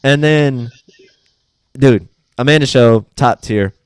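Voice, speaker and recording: A man's voice: mid-range voice, slow pace, smooth, no room sound. A young man co-hosting a podcast in casual chat, retelling sketches animatedly in goofy voices and swearing freely. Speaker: podcast co-host.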